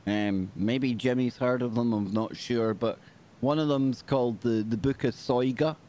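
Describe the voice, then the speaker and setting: A man's voice: mid-range voice, steady tone, measured pace, a little mellow. A man hosting a talk show, chatting casually and reading an article aloud, with small slips and self-corrections. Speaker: show host.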